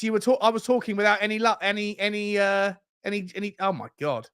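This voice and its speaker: A high-pitched man hosts a live football watchalong from his stream. He rants in an exasperated, chatty way about his team's play and talks straight to his viewers. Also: fast talker, few pauses, a bit bright, clear, resonant tone. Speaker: football fan channel host.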